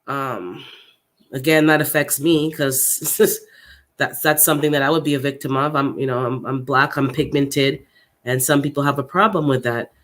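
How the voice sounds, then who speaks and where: A gardening channel host with a medium-pitched, steady voice is hosting a casual livestream for his viewers. He sounds upset and unsettled, thinking aloud haltingly and often repeating his words.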